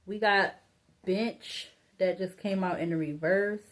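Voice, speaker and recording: A woman's voice: medium pitch, fairly even intonation, a little slow. A woman giving a casual solo tarot reading, thinking aloud, rambling and laughing to herself, blunt and informal. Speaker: tarot reader.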